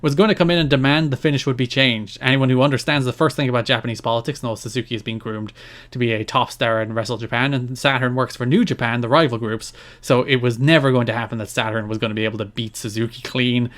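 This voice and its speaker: Podcast co-host, man, mid-pitched, detailed storyteller who laughs a lot. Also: fairly even intonation, fast talker, fairly bright tone. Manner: chatty, detailed, laughs often. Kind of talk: casual chat recounting wrestling history.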